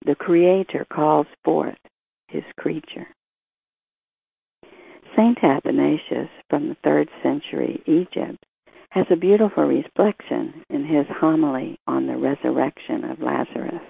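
A priest reading the gospel and giving a measured, reflective homily that quotes scripture and scholars. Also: male voice, on the high side, gravelly, breathy edge. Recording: tinny phone-like sound, dry.

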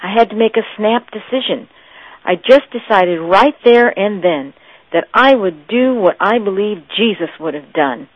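A woman's voice: medium pitch, expressive, unhurried, no room sound. A woman telling a joke in a sermon, voicing a flustered young male associate priest. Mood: sheepish. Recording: tinny, phone-like dry audio.

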